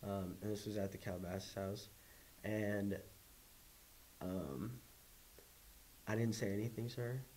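Young man, low voice, rambling story. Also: unhurried, long pauses, darkish tone, slight background noise, rough recording. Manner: casual, filler-heavy, lots of "like". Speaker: guest. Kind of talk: personal storytelling.

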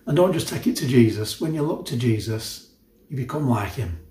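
A man's voice: medium pitch, expressive, moderate pace, dark tone. Man, preaching, earnest, conversational asides, echoey room. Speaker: pastor. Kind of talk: sermon.

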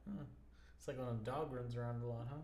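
A man's voice: mid-range voice, fairly even intonation, fast, darkish tone, roomy sound. A man in his thirties co-hosting a podcast, laid-back and giggly, mostly giving short replies. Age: 30s. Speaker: podcast co-host. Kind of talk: casual chat.

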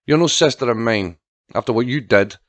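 A man's voice: medium pitch, fairly quick, no echo, natural voice. A man voicing a bullying, hateful drunken father who snarls and sneers. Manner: snarling, spiteful and loud.

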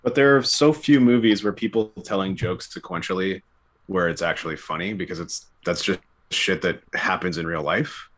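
A man's voice: deep voice, normal speed, fairly bright tone. A man co-hosting a podcast, giving blunt, opinionated takes on a movie in casual chat. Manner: opinionated, laughs between points. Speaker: podcast co-host.

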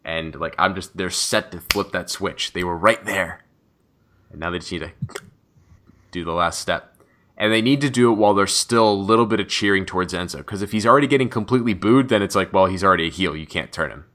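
Excitable low-voiced man, casual chat. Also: brisk. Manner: excitable, rambling, swears freely. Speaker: podcast co-host. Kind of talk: casual chat about wrestling.

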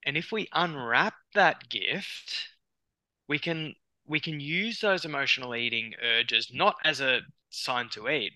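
A man with an Australian accent, a psychologist guest on a podcast, talking in a lively way with frequent restarts and acted-out quotes. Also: medium pitch, dry recording, low-quality recording. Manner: animated, acts out clients' inner voices, many restarts. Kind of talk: conversational podcast interview.

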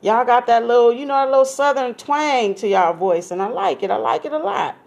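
A woman's voice: on the high side, brisk, vocal fry, darkish tone. Chatty radio host woman, playful and nosy. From California. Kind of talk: casual radio interview.

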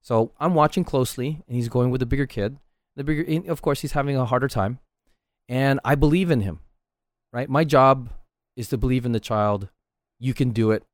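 A middle-aged martial arts instructor talks fairly quickly in a medium-pitched voice, recorded dry with clean studio sound. It's casual solo podcast talk, earnest and coach-like, with frequent "right?" check-ins.

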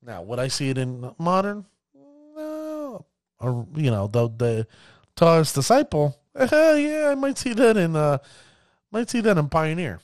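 Animated man talking card games. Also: a little high, unhurried, no echo, studio quality. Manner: animated, addresses viewers as ladies and gentlemen, acts out players' reactions. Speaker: card game content creator. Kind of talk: casual commentary to camera.

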